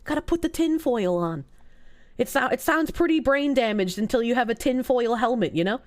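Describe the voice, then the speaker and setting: A woman's voice: fairly high pitch, lively intonation, moderate pace. A woman from the United States who streams, chatting casually and sarcastically with her viewers and laughing often. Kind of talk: casual chat reacting to viewer comments.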